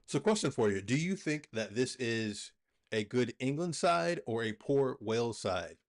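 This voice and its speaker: A man hosting a live football watch-along, calling the play with excitable bursts and chatting casually to his viewers. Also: mid-range voice, measured pace.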